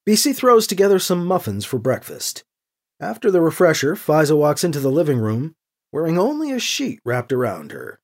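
Audiobook narrator, husky, very animated pitch, dry storytelling read. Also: moderate pace. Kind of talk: scripted narration.

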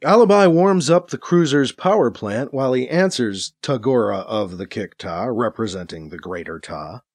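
A man narrating a science-fiction radio drama with a clear storytelling delivery. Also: mid-range voice, expressive, normal speed, darkish tone, no room sound, clean studio sound.

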